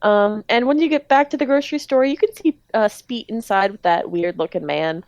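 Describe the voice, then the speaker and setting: A woman narrates a tabletop game as its game master, loose and chatty, filling her sentences with ums and likes. Her voice sits at a middle pitch and is recorded dry and close, with no room sound. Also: a little fast, a little mellow, no room sound, lo-fi sound. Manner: casual, many ums and likes.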